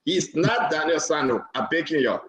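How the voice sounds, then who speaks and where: High-voiced man, emphatic host. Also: lively intonation, moderate pace, a bit bright, reverberant, rough recording. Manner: emphatic, repeats phrases, laughs between points. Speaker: talk show host. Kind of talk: live talk show commentary.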